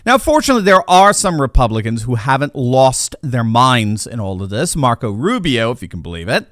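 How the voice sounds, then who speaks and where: Sarcastic, animated man commentator. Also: fairly high pitch, dry recording, clean studio sound. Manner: impassioned, sarcastic. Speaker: political commentator. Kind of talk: political commentary monologue.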